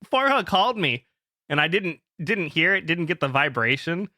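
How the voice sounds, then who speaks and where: A young man co-hosting a podcast, telling a story animatedly with lots of swearing and loud laughs. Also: fairly high pitch, sing-song, moderate pace, no echo, studio quality. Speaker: podcast co-host. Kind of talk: casual chat.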